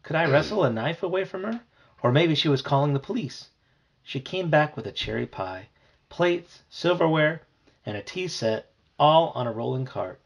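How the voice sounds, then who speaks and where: A father reading a children's novel aloud with expressive storytelling. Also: on the high side, normal speed, creaky, breathy edge.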